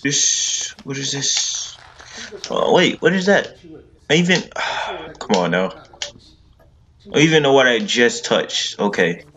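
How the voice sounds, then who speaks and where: A man talks through a horror game at an unhurried, drawn-out pace, with a pitch sitting in the middle of the male range. He sounds jittery and loops the same short phrases again and again. It is loose, casual let's-play commentary. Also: big pitch swings, bright, forceful tone. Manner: jittery, repeats himself over and over. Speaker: gaming video creator.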